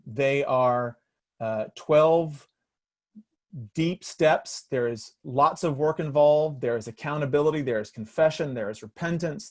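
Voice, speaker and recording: A man, a pastor, telling a story in an earnest, reflective sermon style with frequent restarts, speaking over a video call. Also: medium pitch.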